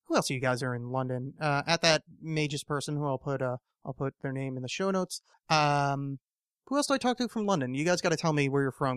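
A man's voice: medium pitch, clear, resonant tone, dry recording, studio quality. A man hosting a casual solo podcast, rambling and swearing often, with lots of fillers and restarts. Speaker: podcast host.

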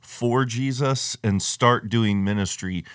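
A man's voice: medium pitch, slow pace, fairly bright tone, smooth, dry recording, studio quality. A man on the church staff, co-hosting a podcast conversation and reflecting thoughtfully on what he has heard. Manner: reflective, affirming listener. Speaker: ministry staff member, co-host.

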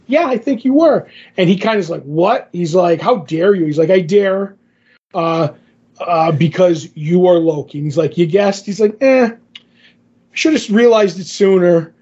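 A man with a high, breathy voice talks through comic book pages on a podcast, acting out each character's lines. The sound is a bit dull. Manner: animated retelling of comic panels, quoting characters with lots of "he's like". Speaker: podcast co-host. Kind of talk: casual comic book discussion.

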